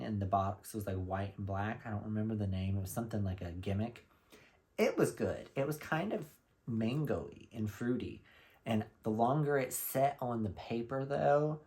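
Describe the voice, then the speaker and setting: A man from Florida telling a lively, gossipy shopping story in a casual vlog, with blunt slang. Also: lowish voice. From Florida, USA. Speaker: vlogger.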